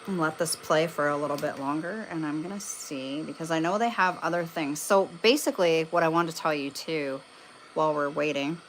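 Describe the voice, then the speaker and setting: A woman's voice: deep voice, normal speed, slight background noise. A woman from Canada chatting casually on a livestream, rambling and swearing with lots of fillers. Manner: rambling and profane, with many fillers. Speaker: paranormal livestreamer. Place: room at home lit by candles.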